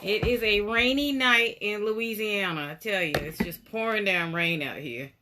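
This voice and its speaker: A woman's voice: medium pitch, moderate pace, background noise. A woman hosting a casual live stream from her doll room at home, chatting and greeting viewers by name, a little out of breath. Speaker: host of a weekly live stream about dolls. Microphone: phone live stream.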